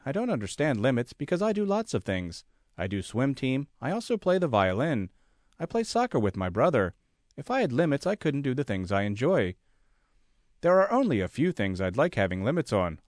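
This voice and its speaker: A man's voice: mid-range voice, no echo, clean studio sound. A man reading a magazine article aloud, speaking every caption and bracketed note as written. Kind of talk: read-aloud article narration.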